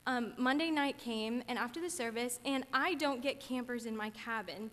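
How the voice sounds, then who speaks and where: A young woman who works as a camp counselor shares her personal testimony in a church sanctuary, speaking earnestly and chattily and growing teary. Her voice is a little high and fairly bright, and she talks a little fast. The church hall adds reverb to the recording.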